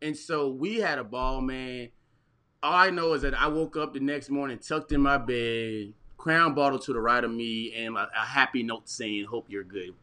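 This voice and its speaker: Young dude on a podcast, bright voice, animated storytelling, laughs a lot. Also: male voice, mid-range voice, moderate pace. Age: 20s. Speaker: podcast co-host. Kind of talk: casual storytelling among friends.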